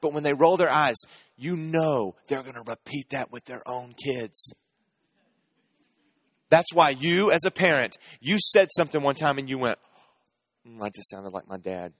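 A man's voice: a little high, moderate pace, fairly bright tone, no echo. A man in his thirties preaching a sermon, telling family stories in a conversational, humorous way and asking the audience questions. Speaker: pastor.

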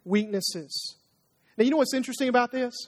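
A male pastor preaching a conversational sermon. He acts out prayers and God's answers in a lively, talkative way. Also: extremely high pitch, fairly quick. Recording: long reverb of a large hall.

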